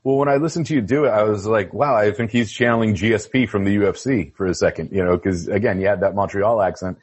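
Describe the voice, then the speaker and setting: A male interviewer with a husky, fairly low voice. He asks casual questions and hesitates a little as he builds them, with the odd um and uh. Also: quick pace.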